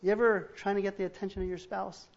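A man's voice: sits high, little pitch movement, quick pace, gravelly, muffled recording. A man preaching a sermon as pastor, earnest and emphatic, often restarting phrases as he drives a point home.

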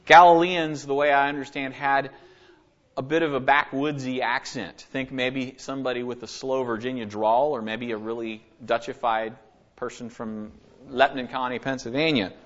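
A man's voice: mid-range voice, steady tone, normal speed, a bit bright, dull audio. A man giving an earnest, conversational Bible study sermon, reading verses aloud and explaining them. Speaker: Bible teacher.

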